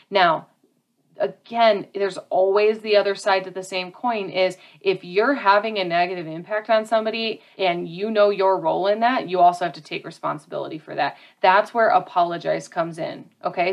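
Earnest woman giving casual life advice. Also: mid-range voice. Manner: earnest and direct, repeating phrases for emphasis; casual, addresses listeners as "y'all" and "you guys". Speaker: self-help speaker. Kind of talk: motivational talk to an audience.

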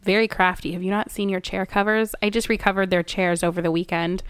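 Chatty woman with a smooth voice. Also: mid-range voice, fairly quick, dry recording. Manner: chatty, self-mocking, lively storyteller. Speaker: podcast co-host. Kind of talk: casual chat.

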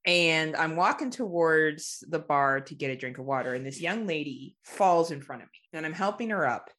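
Lively, laughing woman podcast host. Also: sits low, moderate pace. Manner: animated, laughing storyteller who swears freely. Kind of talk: casual podcast chat.

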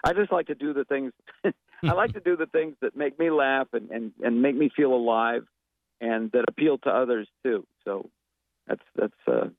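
A man's voice: medium pitch, normal speed, no room sound, phone-quality sound. A man being interviewed as a guest actor and impressionist, talking in a rambling, thoughtful way with many fillers and restarts. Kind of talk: casual interview talk.

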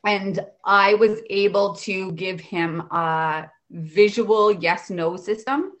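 A woman in her thirties, an educational assistant, telling lively stories about her work and acting out the voices of the people in them. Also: mid-range voice, slow pace. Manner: animated, acts out voices in anecdotes. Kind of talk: casual storytelling.

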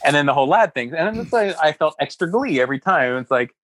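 Animated joking man telling stories. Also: on the high side, quick pace. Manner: animated anecdote-teller who keeps acting out quotes; laughs often mid-story. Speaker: comedian and writer, guest. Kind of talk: casual storytelling chat.

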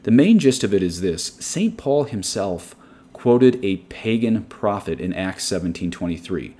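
A man's voice: low voice, big pitch swings, measured pace, dark tone. A man preaching a meditative sermon in an earnest, digressive, opinionated way. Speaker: Catholic preacher. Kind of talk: sermon-style guided meditation.

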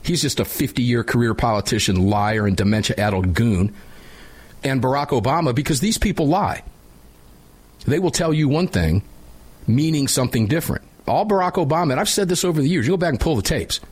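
Man, talk radio host, husky voice, blunt and opinionated, studio mic. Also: medium pitch, expressive, a little fast, a little mellow. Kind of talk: casual talk radio chat.

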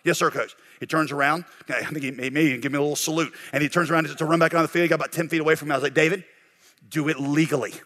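A man preaching as a pastor, telling a lively story and acting out shouted lines before turning to a quieter lesson. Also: on the high side, rapid-fire, hardly any pauses. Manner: animated storyteller, acts out shouted quotes. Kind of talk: sermon with a told story.

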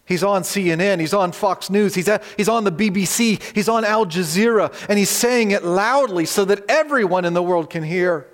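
A male pastor preaching a sermon, animated, rising loud on quoted words and turning to the congregation with conversational asides. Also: high voice, normal speed, few pauses, long reverb tail.

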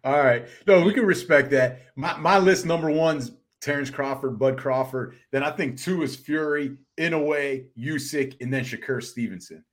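A man co-hosting a sports podcast in casual chat, animated and quick to exclaim in disbelief. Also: fairly high pitch. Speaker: podcast co-host.

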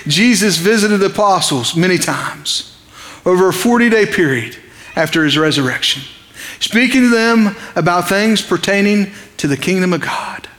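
A man's voice: high-pitched, fairly bright tone, in a large hall. A man preaching an evening sermon in a conversational, impassioned way, asking his listeners questions.

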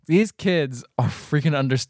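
A man's voice: fairly high pitch, expressive, normal speed, a little mellow, dry recording, studio quality. A man co-hosting a podcast who chats about a movie with crude, sarcastic humor and frequent laughter. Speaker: podcast co-host. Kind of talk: casual movie chat.

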